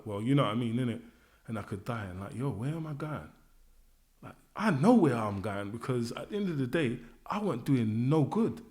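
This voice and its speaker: Man in his thirties, solo podcast host, candid and rambling, slangy fillers, mid-pitched. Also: darkish tone. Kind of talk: reflective solo podcast monologue.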